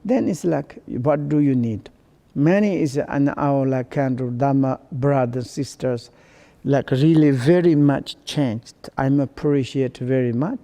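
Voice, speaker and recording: A man giving a Buddhist dharma teaching to his students in halting non-native English, full of restarts and unhurried, gently humorous reflection. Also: medium pitch.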